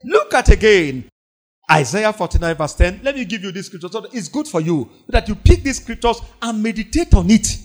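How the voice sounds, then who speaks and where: A man's voice: sits high, sing-song, fairly quick. A man preaching a sermon, quoting scripture and driving points home by repeating them emphatically.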